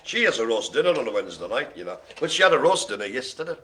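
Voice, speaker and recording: A man's voice: medium pitch, big pitch swings, rapid-fire, noisy background. A man hosting a live bingo game, chatty and jokey, full of playful asides. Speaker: bingo host. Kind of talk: live-streamed bingo calling.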